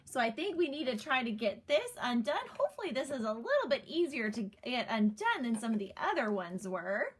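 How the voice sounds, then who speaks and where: A woman's voice: on the high side, sing-song, brisk, hardly any pauses, a little hiss or hum. A woman narrating a toy unboxing off camera, gushing and giggly in a sing-song way. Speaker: toy reviewer.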